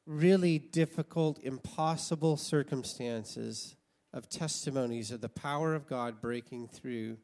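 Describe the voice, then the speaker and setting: An American man in his sixties telling a personal story as a sermon, animated and laughing often. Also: medium pitch. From United States. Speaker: preacher.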